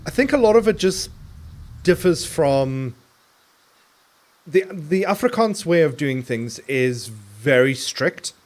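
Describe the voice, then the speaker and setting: A man's voice: on the high side, big pitch swings, slow, long pauses, a little mellow. Rambling, swearing male game streamer. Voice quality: clearly enunciated. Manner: rambling, swearing, many restarts. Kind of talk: casual chat while streaming a game.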